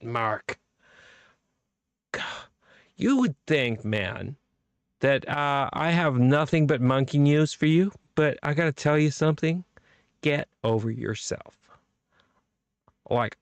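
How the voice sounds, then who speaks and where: A man's voice: mid-range voice, creaky, no echo. A man hosting a late-night live video stream, rambling and teasing a viewer by name while a little tipsy from drinking. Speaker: vlog host.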